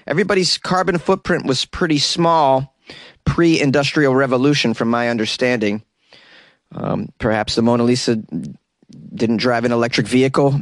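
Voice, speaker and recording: A male comedian hosting a comedic news podcast, delivering the stories with wry, deadpan asides. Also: medium pitch, no echo. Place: inside a closet.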